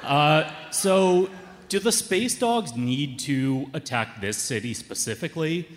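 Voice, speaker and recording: Audience guy at a mic asking a question, echoey hall with some rumble. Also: expressive, slow pace.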